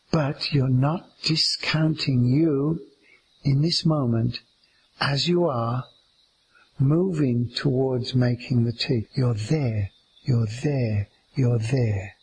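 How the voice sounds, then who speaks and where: A man speaks in an unhurried, meditative teaching style, stretching his words out gently. His voice has a gravelly edge and he talks very slowly. A faint outdoor ambience sits behind him. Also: mid-range voice, slight background noise, rough recording. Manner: slow, drawn-out, gentle. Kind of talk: slow meditative teaching talk.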